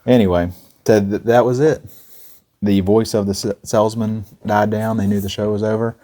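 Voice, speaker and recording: Man, low mellow voice, casual podcast storytelling, reads quotes in folksy voices. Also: steady tone, moderate pace. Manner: reads old quotes aloud with folksy voices, laughs often. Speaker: podcast co-host.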